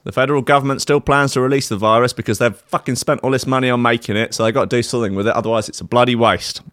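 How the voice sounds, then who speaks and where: A man's voice: mid-range voice, steady tone, racing, a bit bright, dry recording. Brief: male comic host, mocking and sweary, dry close-up sound. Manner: sweary, mocking, laughs often. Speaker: comedy host. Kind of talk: comedic news commentary.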